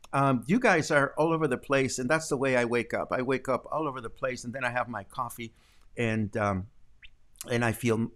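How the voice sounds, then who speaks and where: A man's voice: mid-range voice, fairly bright tone. A middle-aged man hosting a daily live stream from home, chatting casually with viewers and rambling with many ums and self-corrections. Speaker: host.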